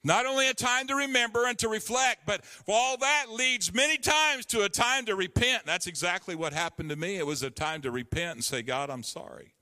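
Man in his 50s, pastor, sermon testimony, bright ringing tone, slightly high voice. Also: a little fast, hardly any pauses, long reverb tail. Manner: earnest storytelling, acting out the voices in his story.

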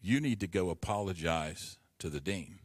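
A man voicing the Lord in a sermon story, speaking low, calm and firm. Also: normal speed, husky, dry recording, clean studio sound.

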